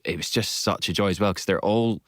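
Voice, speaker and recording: A Scottish man chatting as a guest on a radio show, modest and quick to laugh at himself. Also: low-pitched, no echo, studio quality. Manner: modest, self-deprecating, laughs easily. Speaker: radio guest, singer and actor. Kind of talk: casual radio interview chat. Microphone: studio microphone.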